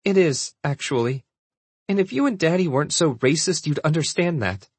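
A man voicing a defiant young shifter princess in an audiobook, talking firmly with a husky voice. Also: a little high, animated, normal speed, dry recording. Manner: firm, defiant, rising to outrage. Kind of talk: audiobook character voice.

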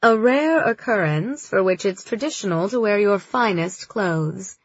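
A woman's voice: mid-range voice, expressive, unhurried, husky, no room sound, highs cut off. A woman voicing a composed young woman warrior who speaks in a matter-of-fact way.

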